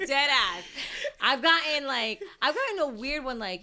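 A woman's voice: high voice, sing-song, a little slow, bright, forceful tone. A young woman co-hosting a podcast, playful and blunt in casual chat with much laughter. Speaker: podcast co-host.

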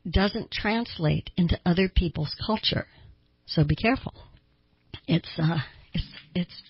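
A middle-aged woman talks through her radio show in a relaxed, conversational way, and her voice sits a little low and husky. She slips into quick impressions of other people when she quotes them. The sound is close and dry, with a slightly dull, lo-fi broadcast quality. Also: dry recording. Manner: chatty, explanatory, acts out quotes with a raised voice. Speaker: radio talk host and counselor. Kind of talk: conversational talk radio monologue.

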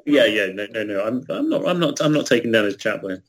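A man with a British accent, a guest author in a casual interview, self-deprecating and halting, often restarting his sentences. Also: lowish voice, lively intonation. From Britain.

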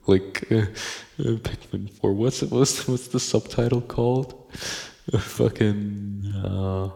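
A man with a deep, gravelly voice hosts a loose, rambling podcast from his room at home, cursing freely and chuckling between thoughts. His delivery stays flat and even, and the sound hangs in a long, echoing reverb. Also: slow pace. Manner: profane, joking, rambling with frequent laughs. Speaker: podcast host. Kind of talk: casual rambling podcast monologue.

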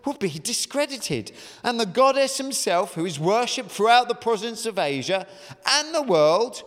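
Preacher doing a rich, pompous tradesman: posh drawl, high and loud, booming through a long hall reverb. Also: big pitch swings, normal speed. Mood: indignant, pompous. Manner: posh, indignant speechifying. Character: wealthy pompous male silversmith, posh drawl.

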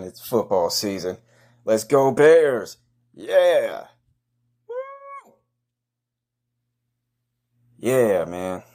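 A man hosting a comedy podcast, giving a crude, boastful hype monologue full of rowdy trash talk and loud whoops. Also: on the low side.

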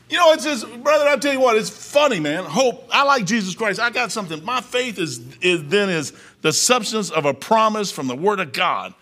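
High, bright-voiced folksy male preacher. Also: lively intonation, normal speed, hardly any pauses. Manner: folksy, storytelling, swings from quiet asides to loud exhortation. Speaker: pastor. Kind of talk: sermon.

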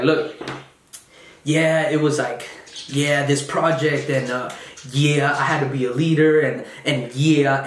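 A young man telling a story in a casual monologue, blunt and heavily profane, mocking other people's voices. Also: a little high. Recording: roomy echo.

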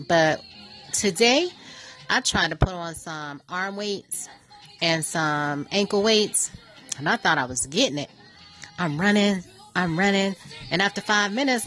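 A woman hosting her own radio show, talking casually and joking through a playful, animated story. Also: medium pitch. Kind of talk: casual chatty monologue. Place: New York.

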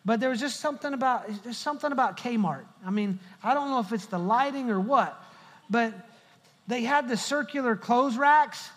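In a large church hall full of long reverb, a middle-aged pastor jokes with his congregation and tells stories during a funny sermon. His voice is very high and a bit bright, at normal speed.

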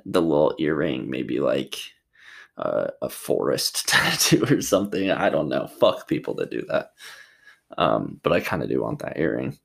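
A man's voice: very deep voice, sing-song, normal speed, vocal fry, breathy edge. A young man from Utah casually answering viewer questions in a vlog. He rambles, jokes and swears freely. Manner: rambling, jokey, swears a lot. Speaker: vlogger.

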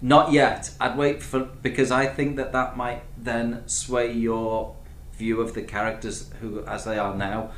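A man's voice: mid-range voice, flat delivery, unhurried, hardly any pauses, fairly bright tone. Male host, rambling casual talker, roomy echo, faint hiss behind. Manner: rambling, chatty, full of restarts and asides. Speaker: podcast host reviewing TV shows. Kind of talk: casual chat. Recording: echoey room with faint background noise.

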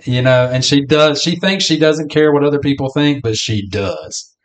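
A man's voice: on the high side, moderate pace. A man co-hosting a podcast, chatting casually about a film and acting out some of its lines. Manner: chatty, acts out movie lines. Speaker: podcast co-host.

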